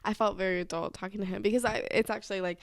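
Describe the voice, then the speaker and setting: A woman's voice: mid-range voice, fairly even intonation, rapid-fire, creaky, no room sound, studio quality. A young woman telling a dating story in a chatty, giggly way, swearing often. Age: young adult. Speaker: vlogger. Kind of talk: casual storytelling.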